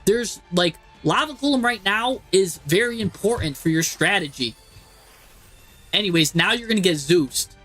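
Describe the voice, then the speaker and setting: Exasperated high-voiced man commentating a game. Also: moderate pace, soft background music. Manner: exasperated, animated, talks to the screen. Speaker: streamer commentating a card game.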